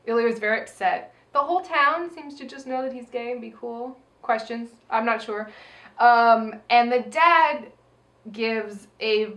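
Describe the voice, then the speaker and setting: Lady movie podcaster, kinda high voice, lively and cussy, echoey room. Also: measured pace. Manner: animated, profane, acts out her reactions. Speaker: podcast co-host, film reviewer. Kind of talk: casual review chat. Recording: roomy echo.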